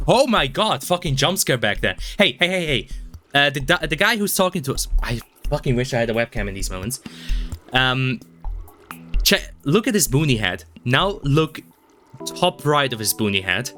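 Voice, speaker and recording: Over game music, a man streams a video game in a mid-range, sharp-toned voice that's very animated but normally paced. His casual commentary rambles and mocks himself, with lots of swearing and stumbled words.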